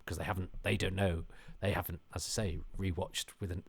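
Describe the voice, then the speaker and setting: A man with a fairly low voice hosts a podcast. He talks in a loose, rambling way, pokes fun at himself and often breaks off into animated asides. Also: fairly quick, creaky, breathy edge. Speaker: podcast host. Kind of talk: casual commentary.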